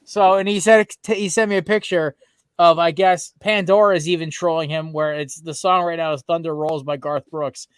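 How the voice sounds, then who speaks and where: A young man hosting a casual sports podcast, talking in an excitable, rambling, profane way. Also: on the high side, normal speed, clean tone, dry recording. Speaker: podcast host.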